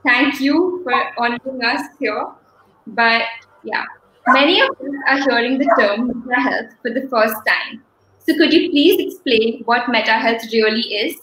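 A woman's voice: fairly high pitch, a little slow, fairly bright tone. A woman hosting a show, introducing her guest and asking questions in a polite, formal way. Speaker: show host. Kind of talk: introducing and interviewing. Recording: roomy sound with faint background noise.

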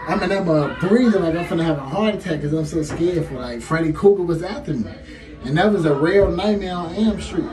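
A man in his twenties with a heavy Chicago accent, telling a story to camera in a lively, slangy way and laughing often. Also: on the high side, brisk, a crowd in the background. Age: 20s. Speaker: vlogger. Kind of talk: casual storytime. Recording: echoey room, faint music.

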